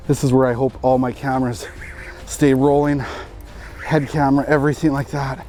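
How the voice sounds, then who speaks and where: A man's voice: mid-range voice, flat delivery, normal speed, warm tone. A man vlogging outdoors on a frozen lake, giving live fishing commentary with exclamations and repeated short phrases.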